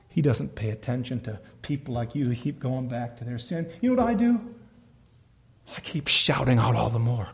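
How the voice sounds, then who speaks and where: A man's voice: a little high, lively intonation, fairly quick, vocal fry. Impassioned preaching man. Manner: storytelling with loud impassioned exclamations. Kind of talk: sermon.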